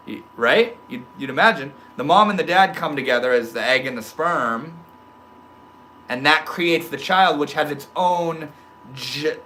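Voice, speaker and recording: Laid-back young man, bright voice. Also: medium pitch, a little hiss or hum. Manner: reads chat comments aloud, swings between soft murmurs and loud excited outbursts; swears casually, laid-back stoner slang. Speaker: livestream host reading chat. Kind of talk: casual livestream chat.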